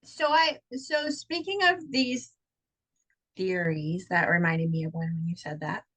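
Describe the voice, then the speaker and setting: A married woman co-hosting a casual chat show with a Texan accent, telling stories in an animated way and acting out quotes with sudden high jumps. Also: a little slow, rough recording. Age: adult, married. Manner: animated, acts out quotes with big pitch jumps. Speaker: podcast co-host.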